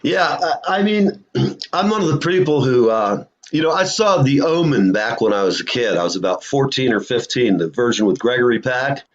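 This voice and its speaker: Man, host, casual rambling anecdotes, lively intonation, muffled low-fidelity audio. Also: normal speed. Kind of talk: casual storytelling chat. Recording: lo-fi dull sound.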